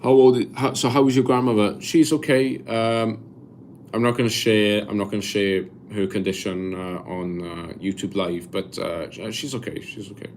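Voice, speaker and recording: Low-voiced young Welsh man streaming. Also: fairly even intonation, a little mellow, slight background noise. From Wales. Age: 20s. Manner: rambling, halting, with frequent restarts. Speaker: live streamer. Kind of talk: casual live stream chat, reading viewer comments aloud.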